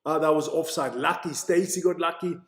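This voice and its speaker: Excitable high-voiced Swiss-born commentator. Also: male voice, fairly quick, roomy sound. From Switzerland. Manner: chatty, excitable, stumbles over names. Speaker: live-stream commentator. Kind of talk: casual live play-by-play commentary.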